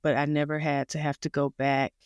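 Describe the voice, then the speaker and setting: A woman as a podcast guest, telling a personal story in a casual, animated way and laughing along the way. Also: low-pitched, brisk, smooth, dry recording, highs cut off.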